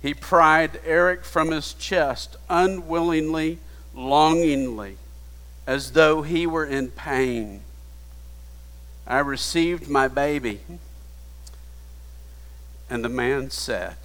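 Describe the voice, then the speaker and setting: A man preaching a sermon, retelling a story in a hushed voice that builds to emphatic appeals. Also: on the high side, slow pace, pauses often. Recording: long hall reverb.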